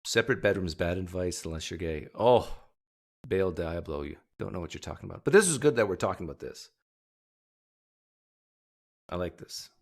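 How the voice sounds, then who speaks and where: A man's voice: low voice, animated, creaky. A man hosting a livestream, chatting casually with viewers and cracking rambling jokes. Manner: joking, rambling, quick asides. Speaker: livestream host.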